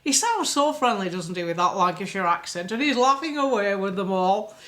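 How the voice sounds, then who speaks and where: A woman speaks at an ordinary mid pitch, sounding neither high nor low. She comments on politics in a chatty, off-the-cuff way. She is blunt and sarcastic, with plenty of exasperation. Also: expressive, moderate pace, fairly bright tone. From United Kingdom. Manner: blunt, sarcastic, frequently annoyed. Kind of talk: casual talk to camera.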